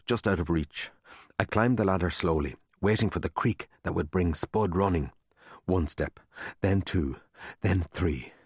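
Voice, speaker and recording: A man narrating a children's book aloud in a lively, expressive storytelling manner, close to the mic. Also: low voice, breathy edge, no room sound. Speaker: audiobook narrator.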